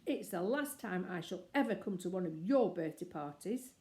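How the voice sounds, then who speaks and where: A woman reading aloud and voicing a greedy, quick-tempered neighbour man who blusters and rages. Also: fairly low pitch, animated, lightly acted. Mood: furious. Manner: blustering, shouting in rage.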